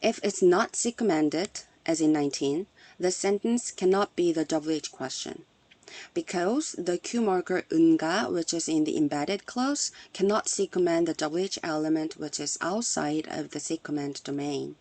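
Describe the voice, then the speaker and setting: A woman delivers a prepared academic talk at a conference. Her voice sits fairly low and sounds soft and mellow, and she reads in a measured, explanatory way. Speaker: conference presenter. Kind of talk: scripted academic presentation.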